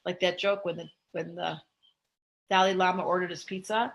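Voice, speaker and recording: A woman's voice: on the low side, level tone, moderate pace, creaky, low-quality recording. An older woman, an astrologer, talking casually and animatedly on a live stream, laughing often. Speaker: astrologer host.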